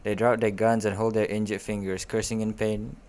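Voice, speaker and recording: A young man casually reads a fan story aloud with commentary, stumbling over words, correcting himself, and stopping for joking asides. His voice is on the low side, a little mellow, with little pitch movement.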